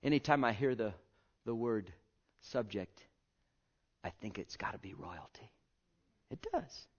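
A man preaching a sermon with passion, swinging from hushed, drawn-out words to loud cries. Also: lowish voice, animated, breathy edge, dull audio.

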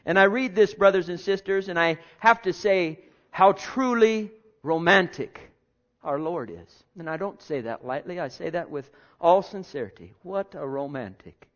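A man preaching a sermon, reading scripture and then talking with big swings from loud declarations to hushed, almost whispered lines. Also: high voice, lively intonation, normal speed. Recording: dull lo-fi sound.

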